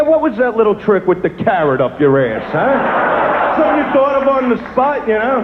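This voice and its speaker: A man's voice: extremely high pitch, sing-song, normal speed. A man doing a crude, swaggering stand-up comedy routine. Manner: brash, crude, swaggering delivery. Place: live comedy venue. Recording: lo-fi phone-like live recording with loud noise and echo.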